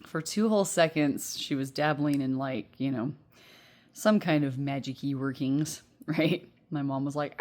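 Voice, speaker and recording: Low-voiced chatty woman reading tarot. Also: a little slow, darkish tone. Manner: chatty, rambling, laughs often, many fillers. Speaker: tarot reader. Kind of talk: casual pick-a-card reading. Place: at home. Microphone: earbuds.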